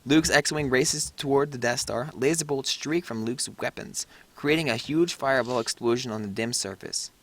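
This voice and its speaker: A man reading the stage directions aloud in a casual script read-through, stumbling over words now and then. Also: mid-range voice. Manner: reads haltingly, stumbles on words.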